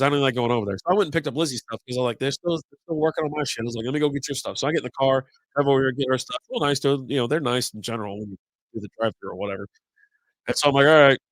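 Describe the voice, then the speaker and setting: A man's voice: mid-range voice, a bit bright, no echo, low-quality recording. A man in his forties, congested from a sinus infection, hosting a casual live stream and ranting in a rambling, exasperated way as he acts out both sides of phone calls. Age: 40s. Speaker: podcast host.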